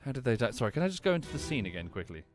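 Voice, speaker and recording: Racing through casual commentary on his game stream, a medium-pitched man thinks aloud in a lively, swinging voice. He keeps apologizing and correcting himself while faint game music plays underneath.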